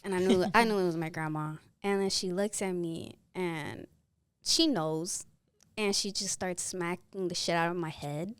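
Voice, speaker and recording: A woman's voice: lowish voice, normal speed, clear, resonant tone, no room sound. A woman in her twenties telling a story as a podcast guest on a close mic, acting out the people in it. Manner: animated, acts out the people in her stories. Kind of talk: casual storytelling.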